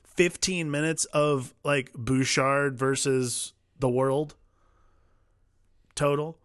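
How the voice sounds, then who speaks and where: Rambling mid-pitched man, dry sound. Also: fairly even intonation, slow pace, no echo. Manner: rambling, many fillers and restarts. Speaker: podcast co-host. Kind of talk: casual film-review chat.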